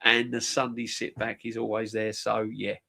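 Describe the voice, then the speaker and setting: A man, a guest on a casual live panel, talking in a laid-back, halting way with restarts. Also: on the low side, flat delivery, vocal fry, pushed and bright. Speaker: guest YouTuber.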